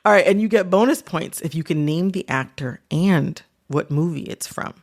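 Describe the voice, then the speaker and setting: A woman's voice: on the low side, normal speed. A woman hosting a casual interview, playful and teasing. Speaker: host.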